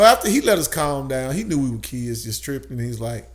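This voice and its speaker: A man, a guest telling an animated story with frequent laughs. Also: medium pitch, brisk, hardly any pauses. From Tennessee, USA. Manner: animated, laughs often, swears. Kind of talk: casual storytelling.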